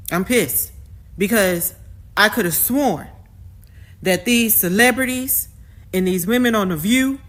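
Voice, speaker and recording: A woman's voice: medium pitch, fairly bright tone. Sarcastic woman venting casually. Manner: exasperated, sarcastic, casual dialect. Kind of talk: casual vlog rant.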